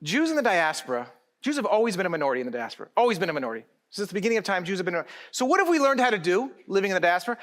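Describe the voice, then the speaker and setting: A middle-aged man gives a keynote speech at a conference. His voice sits high for a man, and he talks in an animated, direct way and teases the crowd. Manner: animated, direct, joking with the audience.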